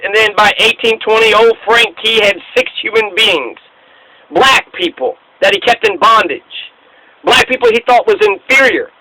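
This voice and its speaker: A man's voice: high-pitched, sharp tone, no echo, poor audio. A man hosting a casual history talk, speaking in a profane, emphatic rant. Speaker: host.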